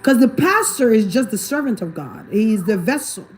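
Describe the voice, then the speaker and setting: A woman from Africa with a high voice speaks casually to her livestream audience. She hammers her points home through repetition, checks that listeners follow, and breaks into laughter often. Faint music plays behind her. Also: big pitch swings, moderate pace. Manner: emphatic, repeats points, asks if the listener understands; laughs often while talking. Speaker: livestreamer and spiritual reader.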